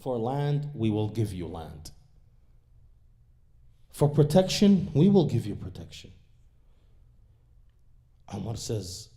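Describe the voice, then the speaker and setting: Dramatic male preacher telling a story. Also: on the low side. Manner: dramatic storytelling, swinging between hushed and raised lines; quotes classical Arabic lines quickly, then translates them. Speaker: speaker at a religious gathering. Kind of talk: sermon narrating a historical account. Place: mosque or community center hall.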